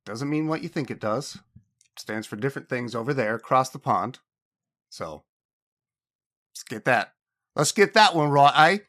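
A man's voice: mid-range voice, lively intonation, measured pace, pauses often, fairly bright tone. A man hosting a casual podcast, joking playfully with his friends. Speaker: podcast host.

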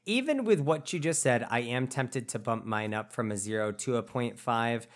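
A man co-hosting a casual film-review podcast, thinking aloud in a relaxed way. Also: mid-range voice, moderate pace. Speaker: podcast co-host.

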